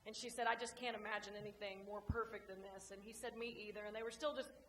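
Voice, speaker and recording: A woman coach giving an after-lunch club speech, telling a joke story in a folksy, lively way. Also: medium pitch, fast talker. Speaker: guest speaker, women's basketball coach. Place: large banquet room. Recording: echoey room, faint hum.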